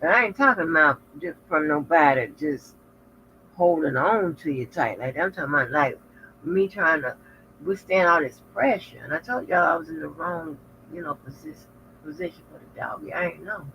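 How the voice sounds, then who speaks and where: Her voice is low-pitched and expressive, pushed and bright, with vocal fry, at normal speed. This woman vlogger chats casually with viewers, telling stories candidly and loosely and not holding back on profanity, recorded lo-fi with faint noise.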